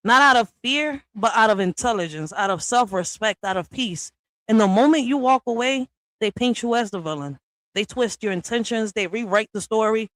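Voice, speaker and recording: A woman's voice: fairly high pitch, animated, moderate pace, a bit bright, no room sound. Woman streamer, tough-talking and profane, in a dry, close recording. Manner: blunt, profane, confrontational. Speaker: livestream host. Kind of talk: ranting monologue to viewers.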